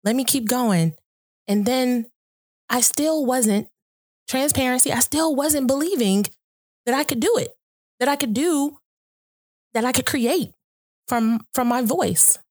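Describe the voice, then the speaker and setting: A woman's voice: sits high, lively intonation, measured pace, long pauses, a little mellow, no room sound. Woman podcast host, earnest and reflective, laughs a lot, dry close mic. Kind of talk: casual conversation about faith.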